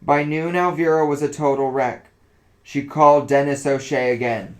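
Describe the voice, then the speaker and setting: A man narrating a story aloud in a relaxed, casual reading voice. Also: fairly high pitch, moderate pace, rough recording.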